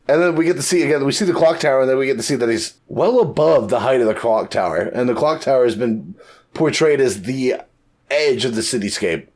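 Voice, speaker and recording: A man co-hosting a podcast in casual chat, talking in an animated, profane way and acting out quotes. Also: mid-range voice, fast. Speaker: podcast co-host.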